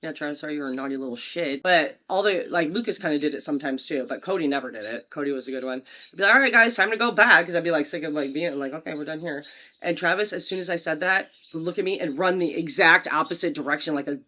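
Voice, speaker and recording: A woman's voice: sits low, quick pace. A woman in her forties hosting a podcast, chatting casually with her sister and telling blunt, profane family stories. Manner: profane, animated storyteller. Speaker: podcast host.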